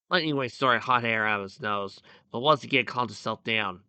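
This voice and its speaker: A fan fiction reader narrating casually, with animated, joking asides to the audience. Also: medium pitch, normal speed, few pauses, smooth, no echo. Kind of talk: casual reading aloud with asides.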